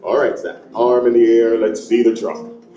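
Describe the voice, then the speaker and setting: An actor playing a cheerful, proud troupe leader at a live outdoor show, leading the crowd in call-outs. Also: male voice, medium pitch, flat delivery, moderate pace, mellow, highs cut off, faint music behind, lightly acted. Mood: upbeat. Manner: theatrical, leads audience call-outs. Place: outdoor theme park stage through loudspeakers. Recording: echoey amplified live stage sound.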